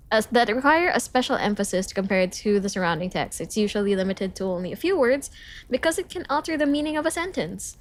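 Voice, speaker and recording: Young woman streamer from the Philippines, mid-pitch voice, reads study notes aloud, chirpy asides to chat, a bit self-conscious. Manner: reads lessons aloud, then jumps to high cheerful greetings to chat. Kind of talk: casual study livestream, reading notes aloud.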